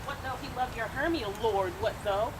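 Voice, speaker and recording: A woman's voice: fairly high pitch, normal speed, close to an everyday voice. A woman playing a lovesick, spurned young woman in a stage play, speaking in pleading, emotional verse. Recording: outdoor recording with loud noise.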